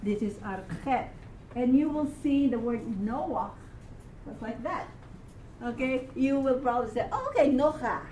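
A woman's voice: high voice, expressive, a little slow, warm tone, slight background noise. A woman teaching a class, patient, repeating words and checking in with frequent questions. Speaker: Hebrew teacher.

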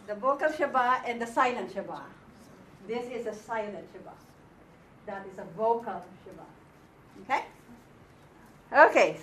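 A woman with a slightly high voice leads a classroom lesson at an unhurried pace. She sounds patient, sounding out words again and again and checking in with her students. A faint hum of ambience sits behind her. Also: fairly bright tone. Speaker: Hebrew teacher.

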